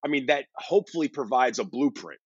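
A man's voice: medium pitch, expressive, a little fast, breathy edge, no room sound, dull audio. A man hosting a sports podcast, chatting casually with lots of fillers. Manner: conversational, rambling with fillers. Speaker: podcast host.

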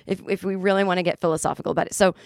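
Lady podcast host, sarcastic rant, kinda low voice, dry mic. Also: fairly even intonation, very fast, no echo. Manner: ranting, sarcastic, acts out imagined dialogue. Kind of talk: casual solo podcast monologue.

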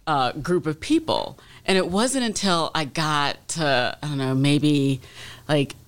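A woman's voice: sits low, animated, takes it slowly. A woman from Detroit, an author being interviewed, answering in a thoughtful way with many ums. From Detroit, USA. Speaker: author guest.

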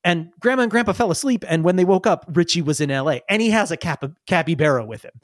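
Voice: medium pitch, lively intonation, quick pace, dry recording, studio quality. A game master narrating a tabletop game, rambling and often laughing.

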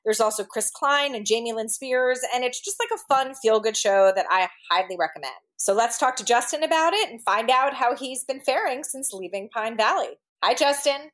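A woman co-hosting an interview podcast, cheerful and quick to laugh. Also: fairly high pitch, expressive, a bit bright. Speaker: podcast co-host. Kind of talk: casual interview chat.

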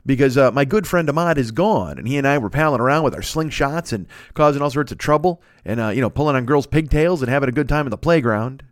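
A man's voice: medium pitch, expressive, fast talker, few pauses, dry recording. A man in his forties talks alone into a studio microphone, wandering from thought to thought with plenty of swearing and self-mockery. His voice sits in an ordinary middle register. The sound is close and dry. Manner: rambling, profane, self-mocking. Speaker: podcast host. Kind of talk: casual solo podcast chat. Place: recording alone indoors.

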